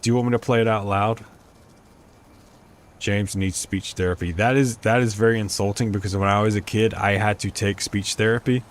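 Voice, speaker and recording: In a fairly low, steady voice at a moderate pace, a let's play streamer comments casually on a life-sim game. He rambles and thinks out loud, tripping on words as he works out how to say them.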